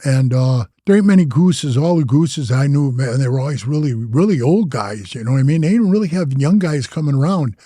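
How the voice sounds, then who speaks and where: Older male interview guest, rambling storyteller, husky and mellow, dry sound. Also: mid-range voice, animated, fairly quick, hardly any pauses, dry recording. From Wisconsin. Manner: rambling, slangy, says "bro" and "man" a lot. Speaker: interview guest, former biker club president. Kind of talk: casual storytelling.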